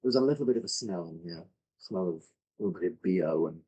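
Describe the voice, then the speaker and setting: A man's voice: low voice, lively intonation, quick pace, warm tone, husky, low-quality recording. A man narrating as game master, describing scenes with many fillers and self-corrections. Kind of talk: improvised tabletop narration.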